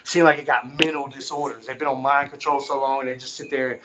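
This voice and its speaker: A man's voice: medium pitch, little pitch movement, fast, a bit bright, poor audio. A man talking in an unscripted monologue, emphatic and insistent, often repeating himself to drive a point home. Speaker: vlogger.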